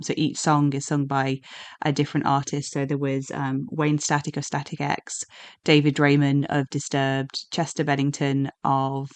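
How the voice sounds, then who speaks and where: A woman's voice: low-pitched, no echo. A woman co-hosting a podcast, chatty and informative with lots of fillers. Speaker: podcast co-host. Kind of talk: casual podcast chat.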